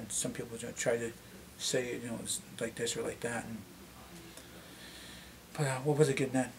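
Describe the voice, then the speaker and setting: A middle-aged man with a Canadian accent and a slightly deep voice, chatting casually to camera and rambling with many restarts. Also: level tone, normal speed, creaky, pauses often, a little hiss or hum. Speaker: vlogger.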